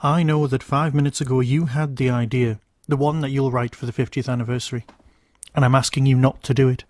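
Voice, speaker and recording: A man's voice: medium pitch, steady tone, brisk, a little mellow, dry recording, natural voice. A man doing a pleading alien time traveller. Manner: earnest, pleading.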